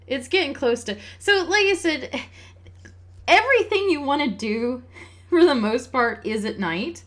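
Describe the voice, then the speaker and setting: A woman's voice: high voice, lively intonation, unhurried. A woman hosting a let's play, giving casual, musing gameplay commentary and laughing often.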